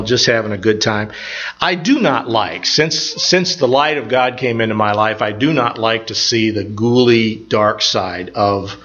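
A man's voice: mid-range voice, fairly bright tone. An older man, a pastor, giving an informal sermon full of personal stories, telling them in a folksy, rambling way with many restarts. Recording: slightly dull, lo-fi sound.

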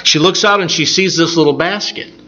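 Bright-voiced male preacher, lo-fi. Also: a little high, brisk. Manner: conversational, animated retelling of scripture. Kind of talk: sermon.

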